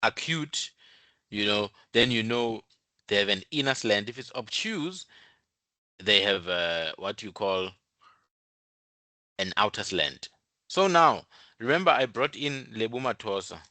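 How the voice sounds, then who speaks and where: Lively, deep man explaining. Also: unhurried, pauses often, dry recording. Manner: explains step by step, repeats points, many fillers. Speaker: channel host. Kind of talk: informal explanatory talk.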